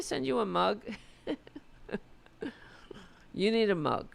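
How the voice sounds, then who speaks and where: A woman from the United States hosting a political livestream, chatting loosely and swearing, her voice going hoarse. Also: mid-range voice, animated, slow pace, long pauses. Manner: loose, profane, rambling. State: losing her voice. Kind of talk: casual livestream chat.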